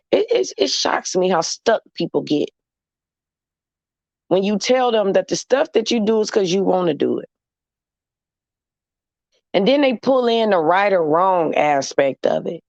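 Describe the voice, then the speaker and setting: Speaking at a measured pace with frequent pauses, this vlogger has a high, expressive voice with vocal fry. He's emphatic, sassy, and repetitive in his casual monologue to camera, and the recording is dull, dry, and lo-fi with no echo.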